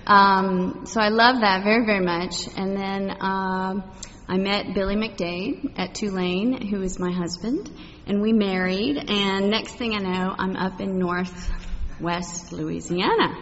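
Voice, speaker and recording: A middle-aged woman from Texas shares her personal faith story with a congregation, speaking slowly at medium pitch with fairly even intonation and a slightly bright tone. Her testimony rambles with many fillers and asides. The recording is muffled and echoey, made in a hall with slight background noise.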